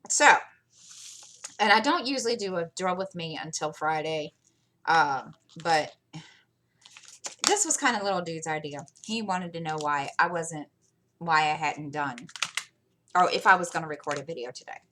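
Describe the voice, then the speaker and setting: A woman's voice: low-pitched, expressive, moderate pace, long pauses, pushed and bright, slight background noise. A middle-aged woman hosting her channel, chatting casually and telling rambling stories while she works on a craft. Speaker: channel host.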